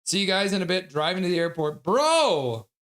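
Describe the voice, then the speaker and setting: A man hosting a casual live stream, reading out viewer chat with frequent laughs and excited outbursts. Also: sits high, fast talker. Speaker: livestream host.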